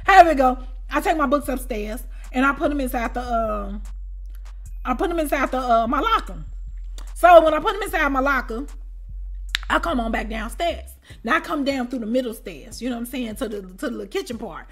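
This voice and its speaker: A woman host telling a storytime tale in an animated way, breaking into shouts and often repeating a conversational tag. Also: high voice. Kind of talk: storytime vlog.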